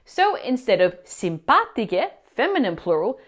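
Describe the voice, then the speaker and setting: A woman teacher explaining grammar mistakes in clear, instructive scripted narration, asking the viewer questions. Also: a little high, very animated, unhurried. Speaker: language teacher.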